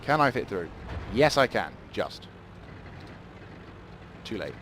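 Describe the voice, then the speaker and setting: A man's voice: lowish voice, sing-song, slow pace, a bit bright, slight background noise. A man giving live gameplay commentary, rambling and swearing in sudden outbursts.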